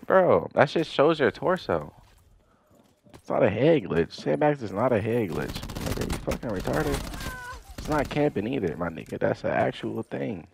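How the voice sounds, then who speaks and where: A man's voice: mid-range voice, sing-song, normal speed, gravelly, a little mellow, a little hiss or hum. A young man giving profane gameplay commentary, ranting in exasperation about how his opponents play. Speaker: gaming commentator.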